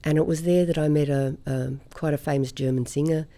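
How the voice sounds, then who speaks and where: A woman from Australia, a singer, telling stories in a relaxed interview chat. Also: sits low, fairly quick. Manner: chatty anecdotal storyteller, laughs often. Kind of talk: conversational interview storytelling.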